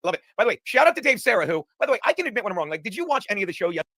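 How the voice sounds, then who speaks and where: A man's voice: high voice, big pitch swings, racing, pushed and bright, no room sound. A man hosting a casual talk show, rambling, profane and laughing through his stories. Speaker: podcast host. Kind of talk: casual chat.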